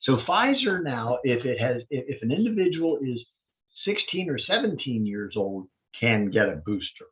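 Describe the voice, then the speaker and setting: Brief: male doctor presenting slides, plain-spoken and explanatory, with an animated, rising-and-falling delivery, heard over a narrow phone-like video call. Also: medium pitch, moderate pace. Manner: plain-spoken, explanatory, walking through data step by step. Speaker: physician giving a public health update. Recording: tinny phone-like line.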